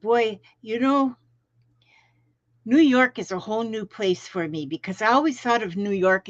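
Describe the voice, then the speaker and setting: A woman's voice: a little high, measured pace, no echo. A middle-aged woman from Florida, rambling in folksy, casual chat as she hosts a crafting live stream from home and greets viewers by name. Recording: dull lo-fi stream audio, dry.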